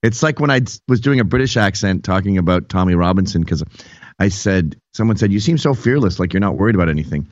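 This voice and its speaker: A man hosting a podcast in casual comedic chat, mocking and animated. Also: low-pitched, quick pace, no room sound. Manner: animated, mocking, puts on voices. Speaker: podcast host. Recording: dull dry lo-fi studio sound.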